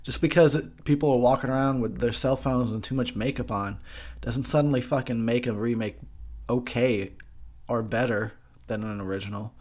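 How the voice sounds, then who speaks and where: A man's voice: mid-range voice, steady tone, moderate pace, a little mellow. A tipsy man hosting a movie commentary, ranting and swearing freely while laughing often. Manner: profane, ranting, laughs a lot. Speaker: host.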